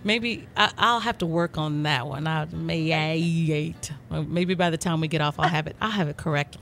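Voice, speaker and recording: Lady radio host, kinda low voice, playful and chatty. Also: a little fast, fairly bright tone, soft background music. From Texas. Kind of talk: casual radio interview.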